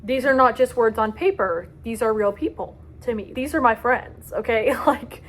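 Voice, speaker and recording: Young woman book vlogger, dramatic and gushing, a touch high-voiced. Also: normal speed. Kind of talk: casual book review vlog.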